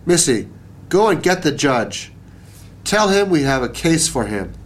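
A man's voice: a little high, sing-song, unhurried, a little hiss or hum. A man doing a blustering hot-tempered baker. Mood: indignant. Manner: blustering and self-righteous. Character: indignant male town baker, hot-tempered.

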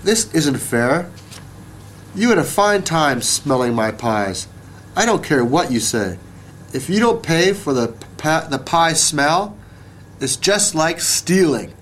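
A man's voice: a little high, very animated, slow pace, fairly bright tone, a little hiss or hum, voice pushed up, heavily acted. A man voicing an indignant, self-righteous town baker in a storybook. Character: indignant male town baker, hot-tempered.

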